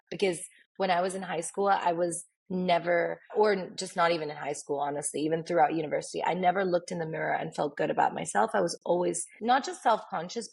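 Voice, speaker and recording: A woman speaks as a guest in a casual interview, telling stories with animation. Her voice sits a little low and is gravelly and husky. She often slips into the voices of people she quotes. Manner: animated, acts out quoted dialogue. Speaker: podcast guest, makeup artist.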